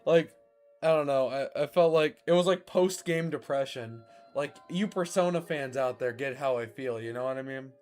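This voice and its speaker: Excitable, loud game-streaming man. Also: medium pitch, normal speed, faint music behind. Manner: excitable, swearing, bursts into loud shouting. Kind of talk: casual game commentary.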